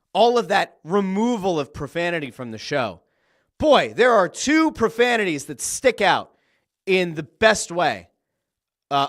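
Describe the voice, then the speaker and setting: Male podcast host, fairly high voice, very lively delivery, excitable storyteller who swears casually. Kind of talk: solo wrestling commentary podcast.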